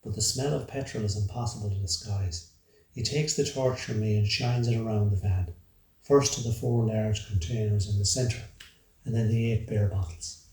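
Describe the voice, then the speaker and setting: A man narrating a dark first-person story in a measured, brooding, dramatic way. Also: fairly low pitch, steady tone. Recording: roomy, distant from the mic.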